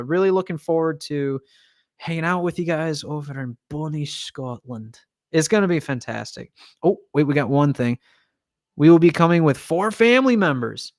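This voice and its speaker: A man's voice: on the high side, no echo, clean studio sound. A man hosting a casual livestream Q&A, chatty, laughing often and reading viewer comments aloud. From United States. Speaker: livestream host, band member.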